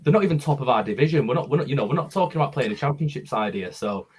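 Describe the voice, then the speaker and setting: A man's voice: medium pitch, animated, very fast, a little mellow, slightly rough. A man calling in to a football phone-in, speaking earnestly with frequent restarts. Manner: earnest, talks in repeated restarts. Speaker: caller. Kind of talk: phone-in chat.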